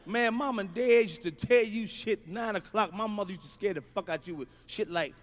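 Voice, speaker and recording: A man performing a loud, profane stand-up routine, telling childhood stories and acting out the people in them. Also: high-pitched, moderate pace, hardly any pauses. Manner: loud, profane, storytelling with acted-out voices. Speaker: stand-up comedian. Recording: archival stand-up clip.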